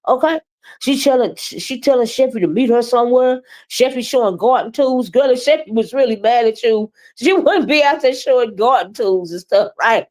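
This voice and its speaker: A woman's voice: fairly high pitch, moderate pace, darkish tone. A middle-aged woman doing casual livestream commentary, blunt and profane, talking straight to her chat.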